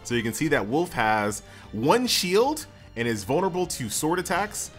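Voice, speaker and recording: A man's voice: a little high, sing-song, moderate pace. A man hosting his own gaming channel, giving upbeat casual let's-play commentary and reading tutorial prompts aloud. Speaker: gaming YouTuber. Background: game music.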